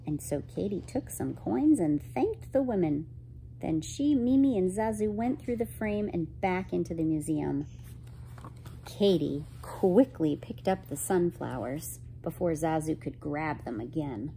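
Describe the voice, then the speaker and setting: A woman reading a children's picture book aloud in a lively, expressive manner. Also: low-pitched, measured pace, vocal fry, a little hiss or hum, poor audio. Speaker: storyteller.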